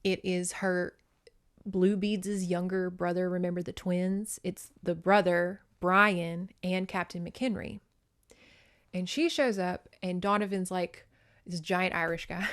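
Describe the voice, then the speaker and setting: A woman's voice: on the low side, steady tone, moderate pace. A young woman podcast host recapping a novel in a casual, chatty way, swearing often and acting out the characters.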